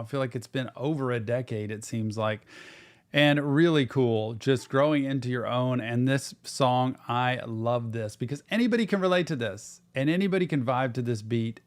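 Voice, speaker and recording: A middle-aged man, a therapist hosting a music reaction show, talking to viewers in an earnest, encouraging way. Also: medium pitch. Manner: earnest, encouraging, talks directly to viewers, says "y'all". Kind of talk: casual reaction-stream commentary.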